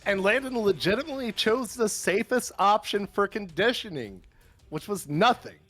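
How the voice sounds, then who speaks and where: A man commentating a fighting game live, breaking down the play between quick exclamations. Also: high voice, expressive, fairly bright tone, soft background music. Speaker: esports commentator.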